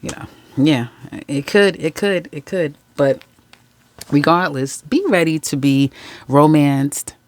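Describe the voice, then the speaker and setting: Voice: medium pitch, takes it slowly, dry recording. A tarot reader giving a casual general reading to viewers, chatty and candid, often laughing and correcting their own slips, calling listeners guys, ladies and baby.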